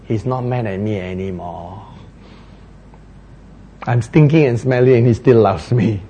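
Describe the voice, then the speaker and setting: A man preaching voices an ashamed, penniless young son who pleads humbly in a low, soft voice. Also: a little slow, a little hiss or hum, lightly acted. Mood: humble. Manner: soft, low, subdued murmuring.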